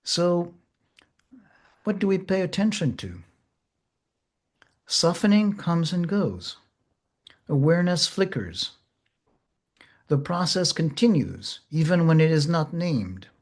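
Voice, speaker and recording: A man teaching therapists in a slow, gentle, measured way, pausing often. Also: fairly high pitch, big pitch swings. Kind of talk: reflective teaching talk.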